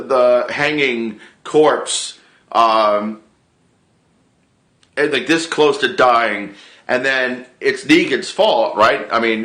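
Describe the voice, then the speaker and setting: A man's voice: mid-range voice, echoey room. A man who acts and does improv, chatting casually to camera. He rambles, restarts his sentences, swears freely and gets worked up as he talks. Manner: rambling, excitable, swears a lot, frequent restarts. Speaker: vlogger and improv actor.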